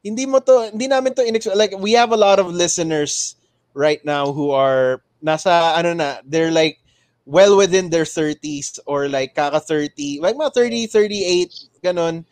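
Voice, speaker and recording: A man's voice: fairly high pitch, lively intonation, normal speed, no room sound. A man with a Filipino accent in his thirties, hosting a casual podcast chat and swearing freely. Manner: swearing, switching between English and Tagalog. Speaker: podcast host.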